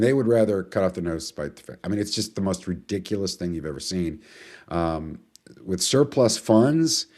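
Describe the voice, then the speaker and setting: Deep-voiced man hosting a webinar. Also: darkish tone. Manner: chatty, rambling, greets viewers and answers chat questions. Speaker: webinar host. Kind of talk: casual live webinar talk.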